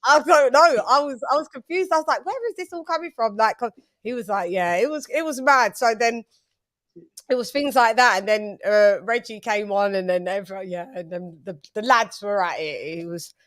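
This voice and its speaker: A woman hosting a casual chat, telling lively stories and acting out what people said. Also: mid-range voice, normal speed. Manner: animated, storytelling with quoted voices. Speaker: host.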